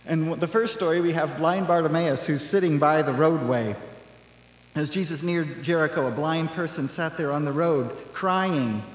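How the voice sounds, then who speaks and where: A male pastor preaching a sermon in a relaxed, conversational way, full of asides. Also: fairly high pitch, normal speed. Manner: conversational, animated, acts out quoted voices with laughs. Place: church sanctuary. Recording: echoey church hall.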